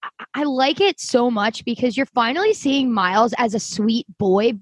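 A young woman co-hosts a podcast, gushing and excitable, with swearing dropped in freely. Her voice sits a little high. The sound is dry and close. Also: normal speed, husky, no echo. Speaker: podcast co-host. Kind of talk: casual podcast chat.

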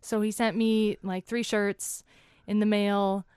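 A woman's voice: mid-range voice, little pitch movement, takes it slowly, darkish tone, smooth, no room sound, clean studio sound. A woman in her twenties, an interview guest, animatedly telling a chatty story and acting out what people said.

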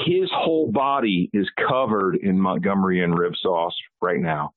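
A man's voice: sits low, measured pace, dry recording. A man guesting on a podcast by phone from a hotel room, joking and teasing in casual chat. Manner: playful, teasing. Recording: tinny dry phone line.

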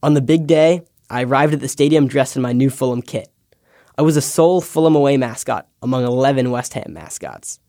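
A young man, a podcast intern, reading a scripted personal essay with wry, deadpan asides. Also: medium pitch, fairly quick, dry recording, studio quality. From United States. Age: young adult.

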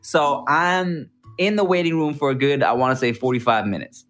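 A male comedian telling a story in an animated, rambling, self-mocking way. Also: a little high, moderate pace, soft background music. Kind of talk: comic storytelling.

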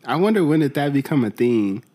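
A man co-hosting a casual podcast, chiming in with quiet agreement and dry joking remarks. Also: medium pitch, very animated, brisk. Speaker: podcast co-host. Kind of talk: casual chat.

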